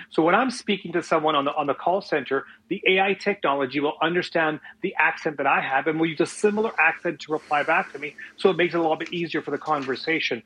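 A man's voice: on the high side, fast, hardly any pauses, pushed and bright, husky, rough recording. A man who works as a financial advisor, a regular guest on a radio show, giving business commentary in an easygoing, conversational way.

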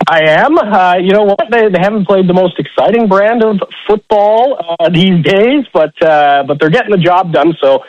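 A man's voice: high-pitched, lively intonation, normal speed, hardly any pauses, no echo, lo-fi sound. A man chatting casually on a radio show as a guest play-by-play announcer, easygoing, with many fillers and laughs.

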